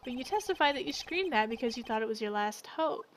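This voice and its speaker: A woman's voice: on the high side, animated, fast, slight background noise, natural voice. A woman voicing a young male defense lawyer who questions a witness pointedly, reading a game aloud. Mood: pressing. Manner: questioning, probing. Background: game music.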